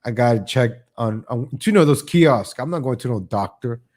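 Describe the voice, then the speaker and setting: An animated male voice of medium pitch and darkish tone, at normal speed. He hosts a live online show, ranting in a casual, sarcastic style, repeating his opening words often and lampooning people in exaggerated voices. Opinionated, he keeps changing topics.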